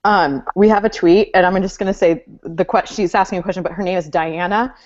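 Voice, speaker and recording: A woman's voice: on the low side, fairly even intonation, brisk, darkish tone, highs cut off. A woman co-hosting a casual fan chat, chatty and jokey, laughing often. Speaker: podcast co-host.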